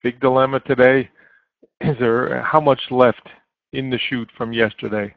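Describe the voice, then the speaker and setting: A man's voice: medium pitch, steady tone, measured pace, gravelly, no echo. A man giving live market commentary as a trading chat room moderator, coaching steadily with frequent fillers over a dry, phone-like line.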